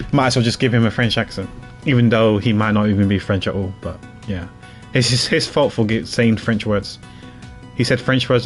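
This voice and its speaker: A man streaming a game, talking casually in a rambling way with stammers and restarts. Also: medium pitch.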